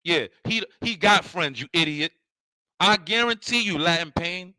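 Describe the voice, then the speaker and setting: A man's voice: high-pitched, lively intonation, measured pace, bright, forceful tone, dry recording, rough recording. A man hosting a livestream, ranting confrontationally and repeating himself. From New York City. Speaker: online show host. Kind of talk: heated livestream rant.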